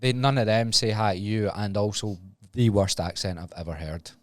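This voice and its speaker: A young Glaswegian man talking casually on a podcast with a very low voice. He tells stories chattily, teasing and laughing. The sound is close and dry. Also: moderate pace, no echo. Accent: Glaswegian Scottish. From Scotland. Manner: chatty storyteller, swears and laughs. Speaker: podcast host. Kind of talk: casual chat.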